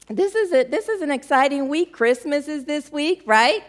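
Woman minister, sermon delivery, animated and emotional, fairly high voice with a wide, lively melody. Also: a little slow, hardly any pauses. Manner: animated and emotional, laughing often.

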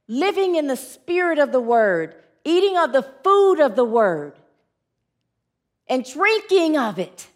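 A woman's voice: very high voice, fairly bright tone. A woman preaching a sermon, using call and response with her congregation and telling stories in an earnest way. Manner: earnest, storytelling with acted quotes.

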